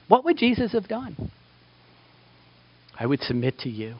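A man's voice: high-pitched, very animated, measured pace, highs cut off. A man preaching a sermon with passion, building to emphatic peaks. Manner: impassioned, rising to emphatic peaks.

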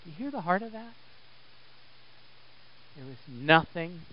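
A man preaching a sermon, swinging between loud, emphatic exhortation and quiet, intense stretches. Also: fairly high pitch, animated, unhurried, pauses often, lo-fi sound, a little hiss or hum. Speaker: pastor.

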